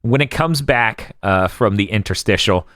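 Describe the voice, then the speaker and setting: A man on a casual podcast recapping anime episodes, laughing often and acting out characters' lines in quick voices. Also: fairly low pitch, lively intonation, a bit bright, dry recording, studio quality. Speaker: podcast co-host.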